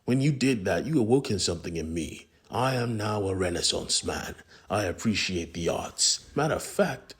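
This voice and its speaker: Bludd: a man doing a slangy, taunting one-eyed mercenary villain for a comic recap, low and husky. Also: animated, normal speed, hardly any pauses, fairly bright tone. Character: vengeful one-eyed male mercenary boss.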